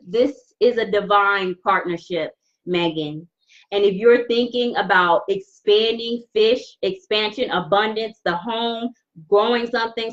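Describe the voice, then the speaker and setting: A woman's voice: medium pitch, highs cut off. A woman giving a live-streamed tarot reading, effusive and repeating phrases for emphasis. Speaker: tarot reader.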